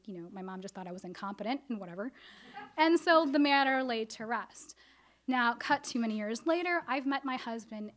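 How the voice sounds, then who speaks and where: A woman with a high voice tells a personal story to a live audience. She is animated and expressive, slipping into the voices of family members as she goes. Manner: animated, acts out family dialogue.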